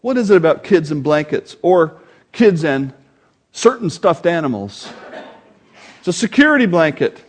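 Animated high-voiced older male pastor. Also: moderate pace, pauses often. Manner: animated storytelling, acts out voices; quotes scripture with rising force. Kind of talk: sermon.

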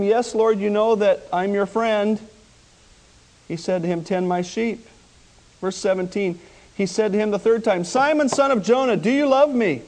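A man preaching a sermon, retelling a story with dramatic swings between loud outbursts and quiet, hushed lines. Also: high-pitched.

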